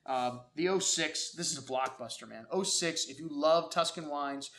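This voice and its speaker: A man's voice: a little high, normal speed, vocal fry, a bit bright. A man hosting a casual wine review, chatty and enthusiastic, with many fillers. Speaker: wine shop host. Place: wine shop.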